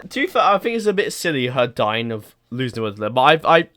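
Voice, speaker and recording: A man's voice: medium pitch, very animated, fast talker, a bit bright, a little hiss or hum. A young man hosting a casual podcast, chatting about films and laughing often between remarks. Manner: laughs a lot, puts on silly accents. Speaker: podcast host.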